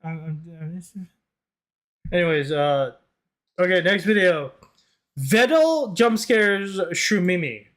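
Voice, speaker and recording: A man's voice: high-pitched, lively intonation, takes it slowly, pauses often, fairly bright tone. A man streaming live, reacting to clips in a loose, rambling way and swearing freely.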